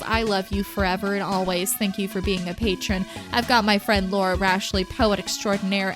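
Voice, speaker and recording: A woman hosting her own podcast, talking through her thoughts in a rambling, self-questioning way, bubbling over when she thanks listeners. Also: mid-range voice. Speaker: podcast host. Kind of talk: casual solo podcast monologue.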